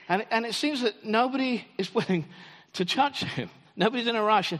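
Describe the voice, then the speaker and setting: A man preaching a sermon in a church, telling stories in an animated way and acting out the quotes. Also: very high voice, normal speed, few pauses. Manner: animated storytelling, acts out quotes. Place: church hall. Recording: long hall reverb.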